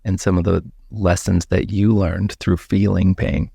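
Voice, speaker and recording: A man hosting a podcast, asking reflective questions in an unhurried, casual way. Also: deep voice, level tone, gravelly, warm tone, husky, dry recording, clean studio sound. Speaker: podcast host. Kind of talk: casual interview chat.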